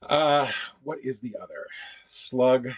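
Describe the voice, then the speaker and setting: A man hosting a casual livestream, thinking aloud in a halting, musing way as he works through puzzles. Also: medium pitch, husky.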